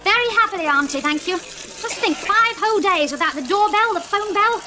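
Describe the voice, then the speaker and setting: An actress playing a cheerful, gently sarcastic mother in a 1970s British sitcom, speaking. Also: extremely high pitch, expressive, a little fast. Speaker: mother of the family. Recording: old TV tape with loud hiss.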